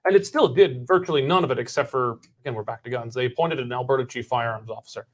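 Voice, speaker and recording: A man's voice: medium pitch, fast. A man hosting a casual political panel, pressing guests with probing questions. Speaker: political talk show host.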